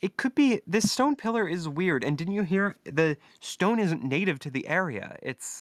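A man doing a high, hesitant, uneasy colonist. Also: expressive, moderate pace, no room sound, clean studio sound.

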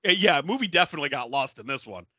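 A man on a podcast, recapping a bad movie in casual chat. His voice is bright and fairly high, and it swings widely as he laughs and acts out the characters. The sound is dry and slightly dull. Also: rapid-fire, slightly rough, no echo. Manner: laughing often, animated retelling with quoted voices. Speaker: podcast co-host.

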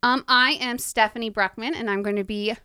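A woman's voice: on the high side, fairly even intonation, fairly quick, bright, forceful tone, smooth, dry recording, studio quality. A woman hosting a podcast episode, upbeat and friendly as she introduces her guests. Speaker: podcast host.

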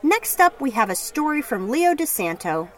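A woman hosting a live storytelling night, bringing on the next teller. Her voice sits a little high and moves with lively ups and downs. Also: normal speed. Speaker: host. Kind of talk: introducing speakers.

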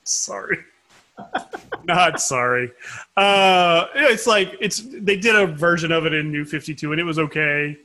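Bright-voiced chatty man. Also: fairly high pitch, unhurried. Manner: rambling, chuckling, self-interrupting. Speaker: podcast co-host. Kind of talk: casual chat.

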